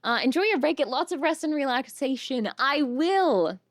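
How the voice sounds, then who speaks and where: A young woman streaming, chatting casually with her viewers in a soft, rambling way, tearful and full of self-doubt. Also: high-pitched, lively intonation, normal speed, dry recording, studio quality.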